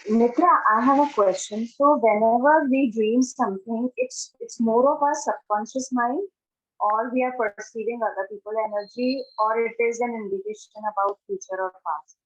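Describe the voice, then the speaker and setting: Woman, caller asking a question, fairly high, breathy, slow and searching, dull call audio. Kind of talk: casual question on a group call.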